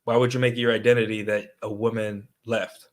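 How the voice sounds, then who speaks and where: A man's voice: fairly low pitch, little pitch movement, a little fast. A young man giving casual livestream commentary, talking to his viewers with lots of fillers and tag questions. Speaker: streamer.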